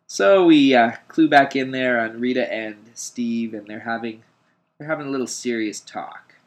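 A man co-hosts a podcast in an easygoing, chatty way, keen to recount every beat of a comic issue. He laughs readily as he talks, with a voice of ordinary middle pitch. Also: normal speed. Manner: laughs often, eager retelling. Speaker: podcast co-host. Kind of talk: casual chat retelling a comic issue.

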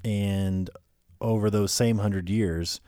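A man's voice: fairly low pitch, fairly even intonation, slow pace, mellow, dry recording, clean studio sound. A man co-hosting a podcast, making his case in casual conversation with frequent restarts. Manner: conversational, argumentative, trailing restarts. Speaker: podcast co-host. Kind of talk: casual political podcast chat.

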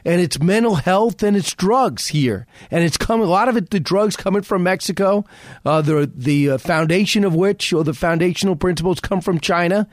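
Brief: high-pitched male radio pundit, rapid and emphatic, dry close sound. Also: no echo. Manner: rapid, emphatic, frequent restarts. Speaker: radio host as guest. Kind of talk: political talk radio conversation.

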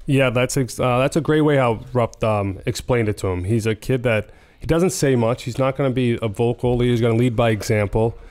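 A man with a thick Boston accent, talking hockey casually with his podcast co-host. He jokes easily and drops his r's. His voice sits at a middling pitch. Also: fairly quick, hardly any pauses, a little mellow. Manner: loose and joking, drops r sounds. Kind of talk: casual chat.

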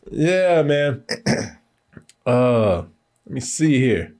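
A man co-hosting a casual movie podcast, animated and laughing often. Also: mid-range voice, extremely slow. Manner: animated, laughing, talks to his dog. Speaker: podcast co-host. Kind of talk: casual chat.

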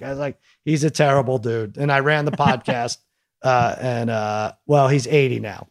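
A man hosting a podcast, telling a story in a lively, casual way and acting out the quotes. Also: on the high side, normal speed. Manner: animated storyteller, acts out quotes. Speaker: podcast host.

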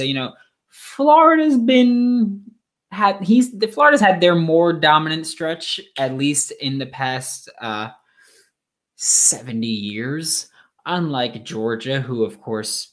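A man's voice: mid-range voice, fairly bright tone. A young man hosting a sports podcast, talking casually and rambling with many fillers and restarts. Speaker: podcast host.

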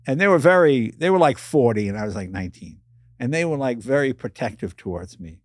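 An older man tells stories in an interview, acting out the voices of people he met. His pitch swoops up and down as he goes. The sound is dry and close. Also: a little fast, no echo. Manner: animated storyteller acting out voices. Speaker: guest. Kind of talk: storytelling interview.

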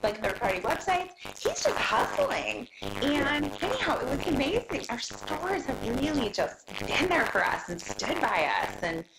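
A woman's voice: high-pitched, sing-song, normal speed, vocal fry, echoey room, crowd noise, poor audio. A middle-aged woman talking as an interview guest, chatty and emotional, with many restarts. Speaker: guest, business owner. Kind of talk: casual interview chat.

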